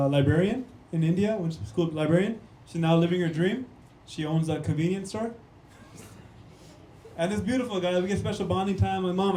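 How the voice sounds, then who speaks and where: A young man from Canada with a high-pitched, mellow voice does punchy stand-up on a club stage. He talks directly to the audience, constantly calling them "guys" and "man," and the room is echoey.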